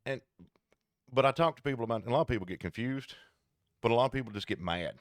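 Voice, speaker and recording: A man co-hosting a casual podcast chat, talking in an animated, digressive, jokey way. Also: medium pitch, fast, dry recording, studio quality. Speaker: podcast co-host.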